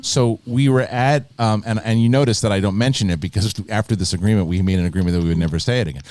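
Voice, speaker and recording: Hosting a live video podcast, this man has a lowish voice and a quick pace, captured in a dry recording. He tells stories animatedly in a loose, rambling style and restarts often.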